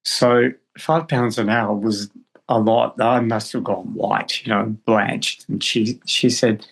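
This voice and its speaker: An older actor, a man, telling stories as a podcast guest, halting and restarting as he goes, heard over a video call. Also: fairly low pitch, steady tone, gravelly, husky, low-quality recording. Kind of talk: storytelling in conversation.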